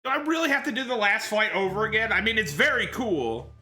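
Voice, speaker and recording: A male streamer with a high, very animated voice joking his way through a game. Loud game music plays behind him as he rambles and swears. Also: fast talker. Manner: joking, profane banter. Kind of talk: live gameplay commentary.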